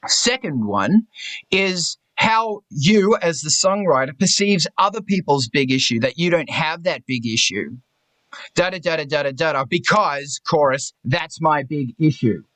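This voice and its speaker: The host of an artists' talk stream chats casually with a group on video, his voice bright, forceful and slightly high for a man. His bluntness comes laced with swearing, and he keeps drifting into jokes at his own expense. The recording sounds close-miked and dry, free of room echo.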